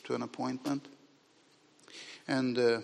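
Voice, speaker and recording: A man whose first language is not English, preaching a sermon in a church hall, moving from quiet musing to loud, emphatic bursts. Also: mid-range voice, little pitch movement, takes it slowly, gravelly. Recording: long hall reverb.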